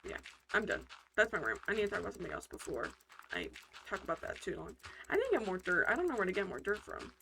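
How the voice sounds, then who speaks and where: A woman's voice: mid-range voice, big pitch swings, fast, vocal fry, bright, forceful tone, slight background noise. A woman hosting casual gameplay commentary, talking in a rambling, heated way with lots of fillers and restarts. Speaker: gaming channel host.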